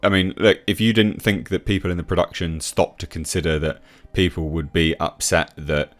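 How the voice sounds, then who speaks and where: Deep-voiced man giving scoffing commentary. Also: fairly even intonation, normal speed. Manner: mocking, scoffing, frequent uh fillers. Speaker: YouTube commentator. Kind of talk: opinionated commentary vlog.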